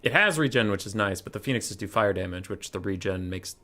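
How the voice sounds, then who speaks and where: A man's voice: fairly low pitch, animated, fairly quick, bright, forceful tone. A young man casually commentating his own strategy game stream, chatty and thinking aloud.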